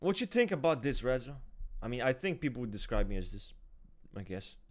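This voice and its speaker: A man's voice: medium pitch, sing-song, a little fast. A man in casual chat about his own personality, emphatic and profane, often restarting his sentences.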